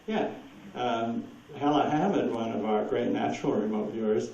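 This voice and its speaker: A man's voice: mid-range voice, normal speed, warm tone. A man speaking at a talk, telling rambling stories and answering audience questions with frequent laughter. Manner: rambling anecdotal storyteller, laughs often. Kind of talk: lecture with audience Q&A. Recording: distant echoey room, dull lo-fi with hiss.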